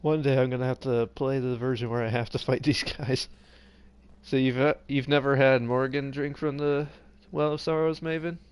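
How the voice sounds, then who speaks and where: A man's voice: mid-range voice, steady tone, moderate pace, smooth, no room sound. A tired man streaming a game live, rambling casually and reading game text aloud as he plays. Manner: rambling, reads game text aloud, trails off mid-sentence. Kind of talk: casual live gameplay commentary.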